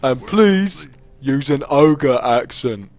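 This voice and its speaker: A man putting on a male ogre voice, reading slowly and bluntly in gameplay commentary. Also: mid-range voice, animated, darkish tone, soft background music, voice pushed up. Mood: plodding. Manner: slow, plodding delivery. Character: slow, dim-sounding male ogre.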